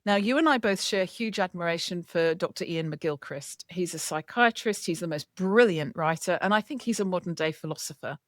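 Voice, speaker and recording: A woman author being interviewed, talking in a lively, chatty storytelling way. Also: lowish voice, normal speed, few pauses, no room sound, studio quality. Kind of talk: casual chat.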